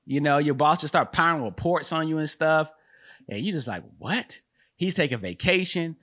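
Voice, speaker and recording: A man's voice: on the high side, expressive, normal speed, a bit bright. A man hosting a comedic solo commentary, loose and slangy, who keeps calling listeners man and bro and laughs at his own jokes. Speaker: host and comedian.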